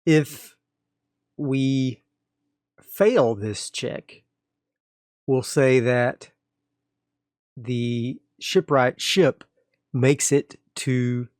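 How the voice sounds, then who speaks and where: A man's voice: mid-range voice, very slow, long pauses, a little mellow, no room sound, studio quality. Casual man narrating solo tabletop game. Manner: casual, loose, many fillers. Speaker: solo game master and player.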